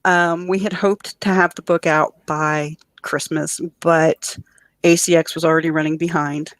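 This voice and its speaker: Lively woman writer telling a story. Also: low-pitched, measured pace, no room sound. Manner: animated storyteller. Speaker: guest writer. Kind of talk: podcast interview.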